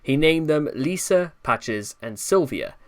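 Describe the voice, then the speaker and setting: A man's voice: a little high, animated, slow pace. Exasperated man narrating online commentary. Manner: exasperated, rambling with restarts. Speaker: commentary channel host. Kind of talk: commentary narration reading notes.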